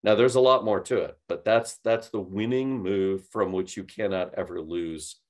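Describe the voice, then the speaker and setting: A man teaching cold calling in a webinar, telling stories with lively quoted dialogue. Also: lowish voice, moderate pace. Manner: animated storytelling, mimics voices in quoted dialogue. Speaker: sales trainer.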